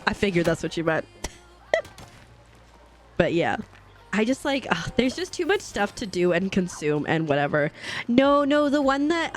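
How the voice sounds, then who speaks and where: Chatty giggly woman streaming a game. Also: medium pitch. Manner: chatty, giggly, talks to chat. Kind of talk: casual live-stream chat while gaming. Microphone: desk microphone.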